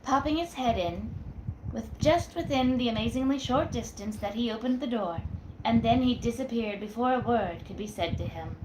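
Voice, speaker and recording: A woman reading a classic novel aloud in a measured way, in a roomy space. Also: fairly high pitch, background noise. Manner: measured reading with acted voices. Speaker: storyteller. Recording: roomy echo.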